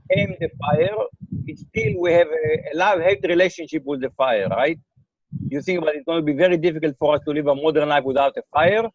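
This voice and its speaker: An older man answers interview questions with slightly raised pitch, pausing to repeat words and check that he is followed. His voice comes over a remote call that sounds dry and a little dull. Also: a little mellow, no echo. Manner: thoughtful, repeats words, checks in with "okay?" and "right?". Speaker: interviewee, computer scientist.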